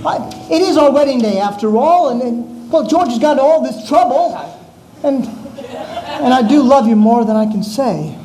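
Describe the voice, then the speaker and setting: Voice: high-pitched, expressive, a little slow, rough recording. An actor playing an earnest young groom who stammers and flusters. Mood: flustered.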